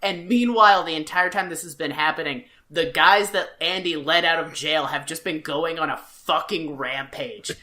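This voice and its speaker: A man's voice: fairly high pitch, moderate pace, hardly any pauses, pushed and bright. A man co-hosting a casual podcast chat, rambling with many filler words. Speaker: podcast co-host.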